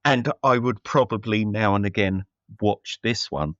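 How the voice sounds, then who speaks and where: A man's voice: on the low side, a little slow, fairly bright tone, dry recording, lo-fi sound. A man co-hosting a casual film review chat, rambling with many fillers and restarts. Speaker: podcast co-host.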